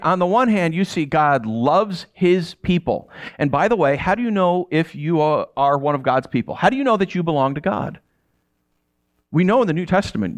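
Male pastor, middle-aged, lively storyteller with a wide-ranging, slightly high voice. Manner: storytelling, animated, acts out dialogue. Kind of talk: sermon.

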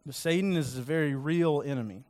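A man's voice: fairly high pitch, a little fast, a little mellow. A man preaching a sermon in a conversational, earnest way, acting out quoted lines with rising emphasis. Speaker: pastor.

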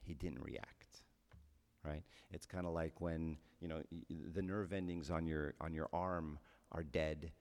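A man's voice: very deep voice, steady tone, measured pace, darkish tone, in a large hall. A man giving a conversational homily as a priest, often checking in with his listeners with "right?".

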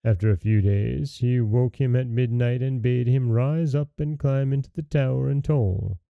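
A man hosting and reading a fairy tale aloud in measured storybook narration. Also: medium pitch, vocal fry, no room sound, phone-quality sound. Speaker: storyteller host.

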